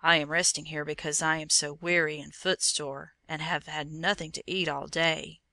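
A woman reading a storybook, voicing a sly male demon who hides his harsh voice behind a gentle tone. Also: little pitch movement, normal speed, gravelly, no room sound, exaggerated voice. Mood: falsely meek. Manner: low, hushed, falsely gentle.

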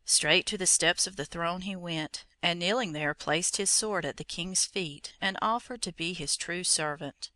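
A narrator reading an old legend in a steady, measured storybook manner. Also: mid-range voice, no echo.

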